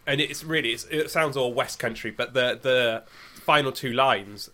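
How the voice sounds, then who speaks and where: A man co-hosting a casual chat, chatty and quick to laugh, with many restarts. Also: medium pitch, bright, forceful tone, slight background noise.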